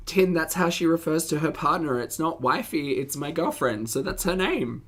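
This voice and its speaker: A woman's voice: low-pitched, lively intonation, normal speed. A woman giving sarcastic, casual reaction commentary to videos, often breaking into incredulous laughter.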